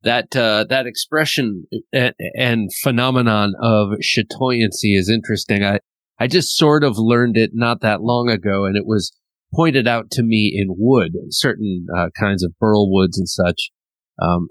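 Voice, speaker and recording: A man hosting a podcast, asking questions in a halting way with many fillers. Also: on the low side, no room sound. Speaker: podcast host. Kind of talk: casual interview talk.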